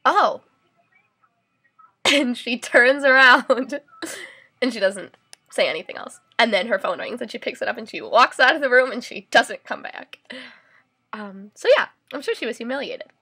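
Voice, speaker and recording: A woman's voice: on the high side, lively intonation, normal speed, long pauses, pushed and bright, husky. A young woman vlogger telling a story to her camera in a chatty way, full of fillers and "like"s. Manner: chatty, many fillers and "like"s, indignant rant.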